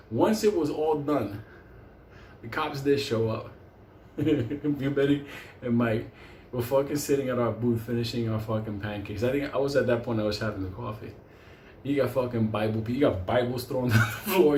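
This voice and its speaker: A man telling a wild story in a profane, animated way, laughing often. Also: medium pitch, slight background noise. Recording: roomy echo, faint ambience.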